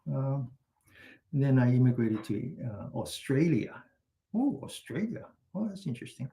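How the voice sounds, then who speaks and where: A man teaching a meditation class, gently guiding breathing and posture exercises with slow, drawn-out commands, then telling a chatty story. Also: mid-range voice, very animated, gravelly. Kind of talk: guided exercise and anecdote in a class.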